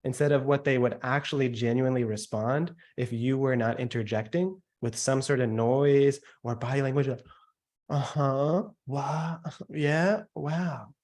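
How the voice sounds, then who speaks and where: A man in mid-range pitch leads a sales workshop with an emphatic teaching manner. He slows down on key points and lets his voice fall to drive them home, and now and then he imitates chatty listener noises to make his point. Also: fairly even intonation, darkish tone. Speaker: sales coach.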